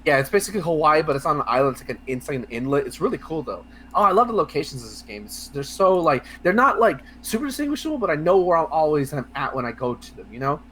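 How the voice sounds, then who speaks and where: Rambling, excitable podcast guy. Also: fairly high pitch, quick pace, hardly any pauses, a little hiss or hum. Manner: rambling, excitable, swears, many fillers and restarts. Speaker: podcast co-host. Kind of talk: casual podcast chat about video games.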